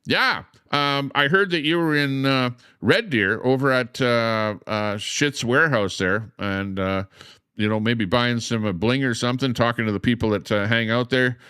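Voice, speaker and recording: A man's voice: mid-range voice, moderate pace, sharp tone, clear, resonant tone, dry recording, studio quality. A man hosting a casual livestream, rambling with lots of "uh" fillers and greeting chatters by name. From Canada. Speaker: livestream host.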